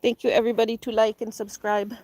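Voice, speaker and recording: A woman's voice: flat delivery, quick pace, a little mellow, dry recording. A woman chatting casually on a live stream outdoors in a farm garden, reading chat and talking to her dog. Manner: chatty, talks to her dog in a high baby voice.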